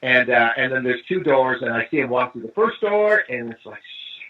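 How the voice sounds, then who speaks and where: Husky man telling a story over a tinny line. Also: medium pitch, brisk. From East Los Angeles. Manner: lively storyteller acting out quoted dialogue. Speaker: drummer and guest. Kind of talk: storytelling interview anecdote. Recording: tinny phone-line call.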